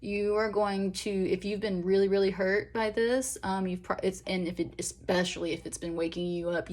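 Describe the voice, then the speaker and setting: A woman's voice: on the low side, fairly even intonation, moderate pace, few pauses, darkish tone. A young woman giving a pick-a-pile tarot reading in an earnest, emotional, encouraging way, rambling with fillers. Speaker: tarot reader.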